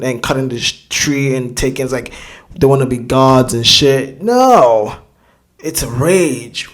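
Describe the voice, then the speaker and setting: A man hosting a reaction video, talking casually and rambling, swearing a lot and often searching for words. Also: medium pitch.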